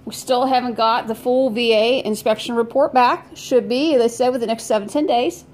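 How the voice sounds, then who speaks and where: A woman hosts a podcast, talking casually to her listeners with jokes and rhetorical asides. Her voice is on the high side with a darkish tone, fairly even in intonation, and a little fast.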